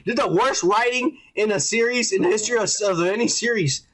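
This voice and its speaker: A man's voice: high voice, brisk, a bit bright, low-quality recording. A podcast host, a man, ranting and swearing through a casual review chat while drinking, laughing often.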